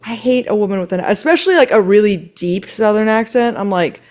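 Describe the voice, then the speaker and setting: A woman's voice: medium pitch, fairly quick, darkish tone. A woman from North Dakota, co-hosting a casual podcast chat, talking bluntly with lots of "like" fillers. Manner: chatty with frequent "like" fillers and blunt opinions. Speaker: podcast co-host.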